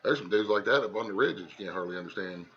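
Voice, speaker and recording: Husky-voiced country man from Ohio. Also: fairly low pitch, racing, muffled recording. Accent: Southern Ohio country. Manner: folksy, blunt, drawling. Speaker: host of a livestream. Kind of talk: casual chat.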